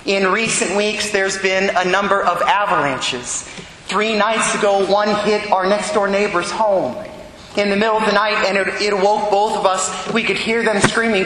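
A man preaching a storytelling homily as a priest, speeding up when excited. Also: high-pitched, normal speed, a little hiss or hum. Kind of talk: sermon. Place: large church. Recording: echoey church from a distance.

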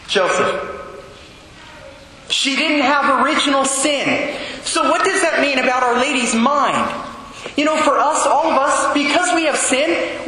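A man with a very high, pushed, bright voice gives a homily to schoolchildren, quizzing them with questions as he teaches. There's slight background noise, and the room adds a roomy echo with long reverb.

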